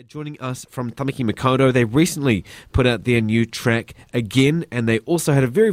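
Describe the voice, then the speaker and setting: A man hosting a casual radio interview, laid-back and slangy, talking into a studio microphone. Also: mid-range voice. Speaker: radio host.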